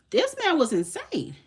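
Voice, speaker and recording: Animated, profane woman telling a story. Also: sits high. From Haiti. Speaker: tarot reader hosting a live stream. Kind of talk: casual storytelling on a live stream.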